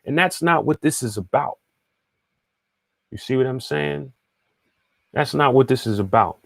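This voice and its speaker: A man's voice: mid-range voice, lively intonation, measured pace, vocal fry, no echo. Chatty man teaching in a dry voice. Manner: conversational, often checks in with the listener; repeats and restarts phrases while thinking aloud. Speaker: spiritual teacher and astrologer. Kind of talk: casual teaching monologue, answering viewer questions.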